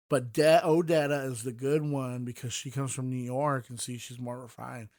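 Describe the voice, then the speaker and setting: A man's voice: mid-range voice, steady tone, moderate pace, hardly any pauses, a little mellow, no echo, studio quality. A man hosting a podcast, reviewing books in casual, rambling talk full of fillers and restarts. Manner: mocking voices when quoting. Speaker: podcast host.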